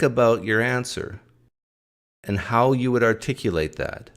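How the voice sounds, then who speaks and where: A man's voice: mid-range voice, a little slow. A man hosting a live stream, reacting to a clip and firing off rhetorical questions in a casual, argumentative way.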